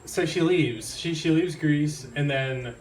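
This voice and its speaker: A man's voice: on the high side, takes it slowly. Giggly young man doing stand-up. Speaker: stand-up comedian. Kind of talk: stand-up set. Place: live comedy venue, audience in room. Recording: roomy live recording from a distance, crowd noise.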